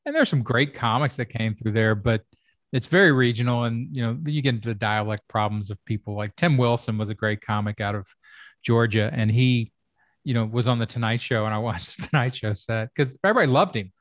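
A man's voice: mid-range voice, fairly quick, dry recording. Male comedy-producer type, casual storyteller, medium voice, dry close recording. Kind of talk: casual podcast chat.

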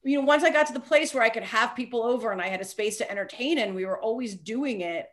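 A woman's voice: fairly high pitch, fast, a bit bright. Chatty woman author with many fillers. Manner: chatty, self-deprecating, many fillers and restarts. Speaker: author guest. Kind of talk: casual podcast conversation.

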